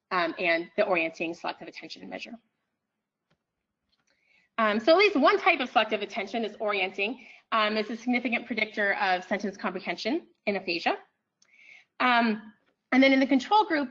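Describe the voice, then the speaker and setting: Bright-voiced woman lecturing, full of ums. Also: mid-range voice, lo-fi sound. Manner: frequent ums, thoughtful restarts. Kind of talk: academic lecture. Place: lecture room.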